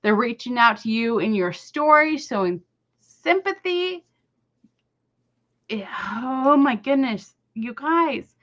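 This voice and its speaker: A woman's voice: on the high side, expressive, a little slow, a bit bright, highs cut off. A woman venting in a casual chat, tired and heated, cursing as she talks. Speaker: guest on a live commentary stream.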